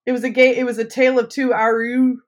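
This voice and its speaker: A woman co-hosting a podcast in casual chat, a loud, excitable storyteller who swears freely. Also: on the high side, fast talker. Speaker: podcast co-host.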